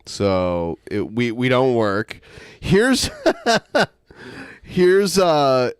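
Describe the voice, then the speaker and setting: Smooth, mid-pitched male co-host, wry and dry, close mic. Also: big pitch swings, very slow, no echo. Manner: wry, dry commentary with restarts. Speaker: podcast co-host. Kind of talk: casual comedic chat.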